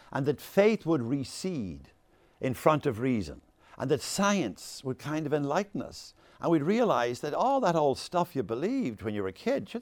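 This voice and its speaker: A man's voice: mid-range voice, dry recording. A man in his sixties giving a discursive lecture on faith, with many asides and stories. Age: 60s. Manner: animated, discursive, fond of asides. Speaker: speaker on faith. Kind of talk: lecture with anecdotes.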